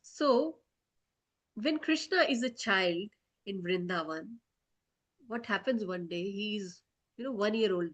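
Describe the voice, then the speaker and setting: A woman teaching children, telling them a story in an animated way and often checking in to ask whether they follow. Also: medium pitch, slow, pauses often.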